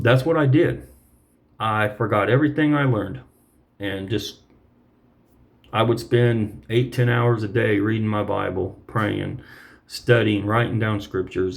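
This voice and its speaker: A preacher with a lowish voice shares his personal testimony earnestly and reflectively, frequently pausing to clear his throat.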